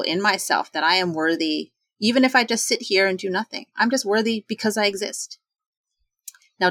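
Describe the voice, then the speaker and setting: A woman in her forties in casual talk, chatty and animated, acting out quoted voices with sudden jumps in pitch. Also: no echo. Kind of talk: casual talk on self-doubt.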